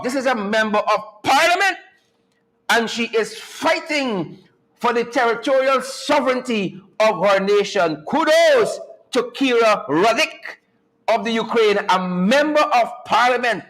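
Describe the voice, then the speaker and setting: A man hosting a live-streamed talk show, animated and mocking, with a preacher-like cadence. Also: very high-pitched, poor audio.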